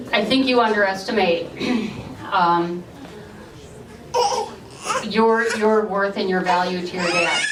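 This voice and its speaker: A woman's voice: medium pitch, far from the mic. Self-effacing woman speaking at a memorial. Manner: self-deprecating, halting with fillers. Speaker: family member giving a eulogy. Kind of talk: memorial speech. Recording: roomy hall, mic from afar, crowd.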